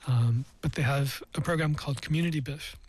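An American man speaking as a guest in a casual radio interview, relaxed and rambling, with lots of "you know" and soft laughs. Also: a little high, fairly quick, breathy edge, low-quality recording. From United States.

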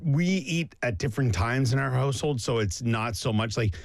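A middle-aged man chatting casually as a podcast co-host, relaxed and rambling with plenty of fillers. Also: mid-range voice, normal speed, creaky, no room sound, studio quality. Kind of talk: casual chat.

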